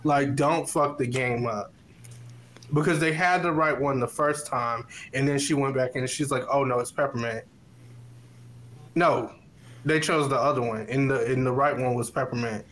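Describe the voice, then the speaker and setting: A man co-hosting a podcast, giving blunt, relaxed opinions in casual chat. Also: mid-range voice, normal speed, rough recording. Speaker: podcast co-host.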